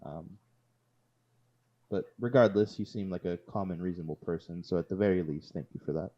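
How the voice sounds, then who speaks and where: A man playing an earnest, independent young male ninja in a tabletop game, talking in halting, rambling sentences. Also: low-pitched. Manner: rambling, halting, with many restarts. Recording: slightly dull lo-fi audio.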